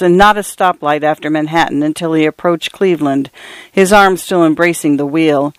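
Lady reading a short story for radio, steady and clear, dry close sound. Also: low voice, no room sound. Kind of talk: scripted narration of short stories.

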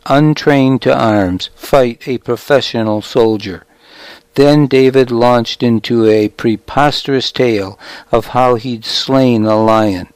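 Slow, measured male storyteller. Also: medium pitch, darkish tone, no room sound, low-quality recording. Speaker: audiobook narrator. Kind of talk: scripted narration.

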